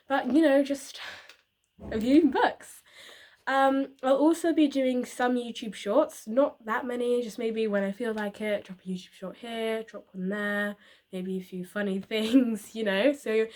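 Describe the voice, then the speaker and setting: A young woman chatting casually about books for her channel, rambling with fillers and little laughs. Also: a little high. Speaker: book reviewer. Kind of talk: casual book review vlog.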